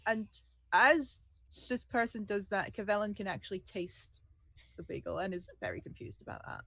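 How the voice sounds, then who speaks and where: A woman's voice: medium pitch, lively intonation, moderate pace, fairly bright tone, no echo. Woman describing her game character. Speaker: player. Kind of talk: casual game chat.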